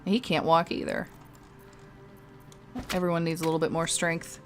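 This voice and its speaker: A woman's voice: low voice, level tone, normal speed, faint music behind. A woman streaming a game live, chatting casually and rambling, laughing often. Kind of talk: casual chat over gameplay.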